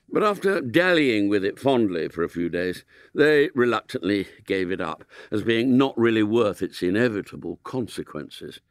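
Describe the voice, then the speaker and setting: A man reading a story aloud in an expressive, mock-solemn way. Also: fairly low pitch, no room sound, clean studio sound. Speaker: narrator.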